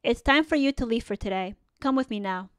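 A steady police officer hurries people to safety, read by a woman narrator. The delivery is firm and measured, and the voice stays smooth, fairly high and dry. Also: dry recording, lightly acted. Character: calm, urgent male police officer.

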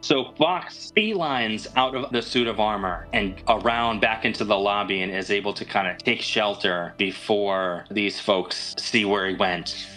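Low-voiced man running a tabletop game. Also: pushed and bright, poor audio. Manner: descriptive, easygoing narration. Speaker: game master.

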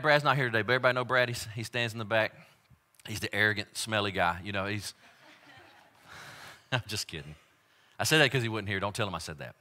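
A man preaching a sermon as pastor, moving from quiet, joking asides to loud, emphatic repeated lines. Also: mid-range voice.

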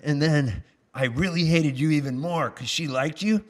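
A man voicing a blunt, gruff male concertgoer in a comic story, speaking low and flat. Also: normal speed, lightly acted.

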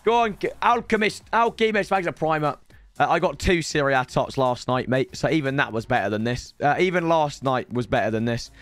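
A young man, streaming a pack opening, slightly hoarse. He talks in an excitable way, swinging between shouting and grumbling. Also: on the high side, brisk, no room sound.

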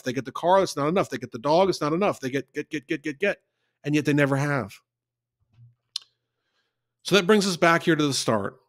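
Guy teaching bible study, earnest and folksy, a bit high voice, dry sound. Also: no room sound.

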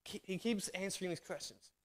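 An Australian man with a somewhat high voice preaches through a story. He narrates in a lively way and briefly acts out each character's dialogue. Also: normal speed. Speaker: guest speaker. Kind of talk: storytelling sermon.

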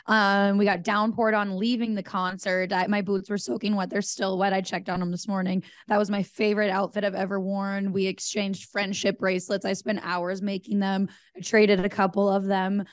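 A woman hosting a podcast in casual chat, voice hoarse and scratchy, rambling and bubbly. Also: medium pitch, level tone, normal speed, hardly any pauses, no room sound, clean studio sound. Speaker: podcast host.

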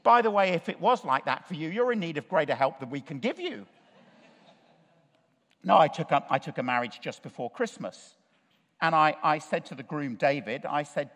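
A man's voice: on the high side, animated, brisk, fairly bright tone. A man preaching a sermon in church, telling stories with humour and putting questions to the congregation. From Chile, raised in Africa. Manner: storytelling, humorous, asks the congregation questions. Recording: long reverb of a church hall.

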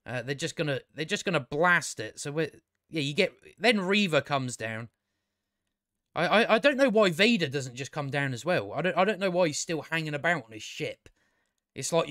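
Exasperated, sarcastic man, higher-pitched. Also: lively intonation, normal speed, a bit bright, no echo, studio quality. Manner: exasperated, sarcastic, swears a lot, many restarts. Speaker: video reviewer. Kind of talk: casual rambling review.

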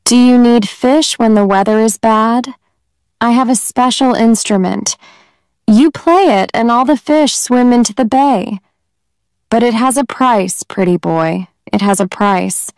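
Sly young witch, wheedling; a woman reads her, slow pace. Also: fairly high pitch, a little mellow, clean tone, no room sound. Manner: wheedling, repeating herself.

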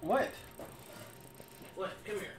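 A man's voice: high-pitched, animated, slow. A man streaming a game from home, tipsy, loose and rambling as he jokes with his chat.

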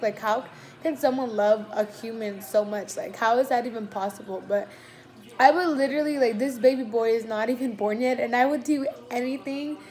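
A woman's voice: a little high, a little mellow. A young woman vlogger in a casual Q&A chat, teary and emotional, gushing with constant "like" fillers.

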